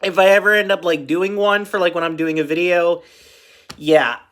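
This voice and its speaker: A man's voice: sits high, steady tone, moderate pace, fairly bright tone. An upbeat man hosts a reaction video in a loose, casual way. He rambles and keeps correcting himself mid-sentence. His voice now and then cracks.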